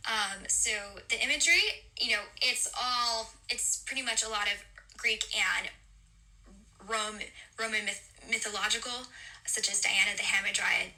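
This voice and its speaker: A young woman presents a poem to her class, her voice strikingly bright and clear in tone. She speaks in a halting way, filling gaps with ums and correcting herself as she goes. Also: mid-range voice, fairly even intonation, rough recording. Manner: halting, many fillers and self-corrections. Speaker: student presenter.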